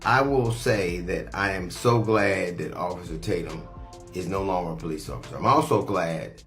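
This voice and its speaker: Man, very deep voice, earnest, measured commentary, faint music behind. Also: fairly bright tone.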